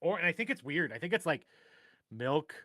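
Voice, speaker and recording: Very animated and somewhat high, this Minnesota man talks at a moderate pace with a sharp tone. Co-hosting a livestream, he chats casually, rambles between jokes, and lets his words dissolve into mumbles. Studio quality, no echo.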